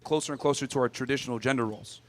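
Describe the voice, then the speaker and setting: Male dating show contestant, mid-pitched and even, lecturing a debate point matter-of-factly. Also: very fast.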